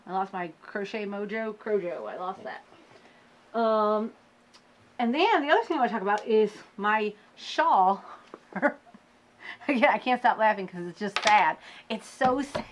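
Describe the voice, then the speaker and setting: A woman hosting a crafting podcast, chatting casually with her viewers about her projects, laughing often and poking fun at her own slow progress. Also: mid-range voice. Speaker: crochet podcast host. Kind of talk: casual show-and-tell chat.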